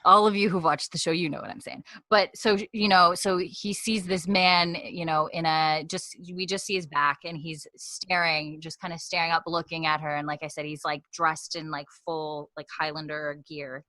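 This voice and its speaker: A woman's voice: low-pitched, fairly even intonation, normal speed, few pauses, bright, forceful tone, dry recording. A young woman co-hosting a casual podcast, animatedly recapping a TV episode and acting out the characters' lines.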